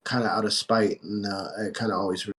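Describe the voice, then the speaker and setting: A man from the United States, a tattoo artist guest in a casual podcast chat, relaxed and candid, sometimes searching for words. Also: lowish voice, quick pace.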